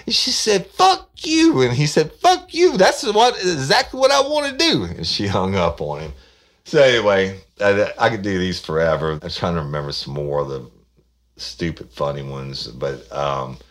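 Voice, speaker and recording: A man's voice: a bass voice, a bit bright. A man hosting a podcast, rambling and folksy in a casual thank-you monologue. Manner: rambling and folksy, frequent restarts. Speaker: podcast host.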